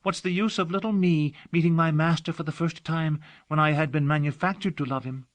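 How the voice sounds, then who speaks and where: A man's voice: a little high, steady tone, a little fast, no room sound, pitched above the performer's own voice, natural voice. A man reading an audiobook, voicing a devoted young female servant who talks earnestly and dotingly. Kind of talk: audiobook character voice.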